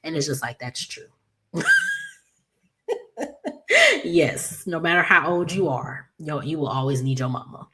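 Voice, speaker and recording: A woman casually recapping a soap opera episode in a chatty, animated way, with lots of fillers. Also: sits low, unhurried, pauses often.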